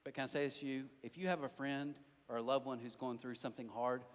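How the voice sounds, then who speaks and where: A man preaching a sermon as a pastor, telling animated stories with self-deprecating jokes and talking directly to the crowd in a church auditorium. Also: medium pitch, fast talker. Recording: long hall reverb.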